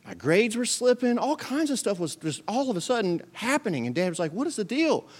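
A man preaching a sermon to a live congregation in a slightly higher-than-usual voice. He tells stories with humor and energy, and he briefly puts on voices for the people in them. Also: fairly quick. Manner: animated storytelling with humor, acting out quoted voices. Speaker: pastor. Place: church service with a live congregation.

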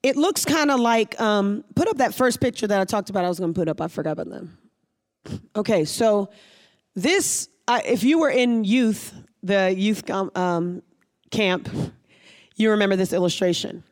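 A pastor preaches a sermon in an animated, mid-range voice, reading scripture aloud and pausing to explain it. He drives his points home by repeating phrases.

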